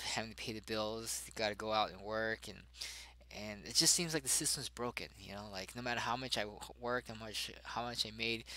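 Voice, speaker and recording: A young adult man, a father, telling a personal story in a halting way, full of fillers and restarts. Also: fairly low pitch, pushed and bright, no echo, rough recording.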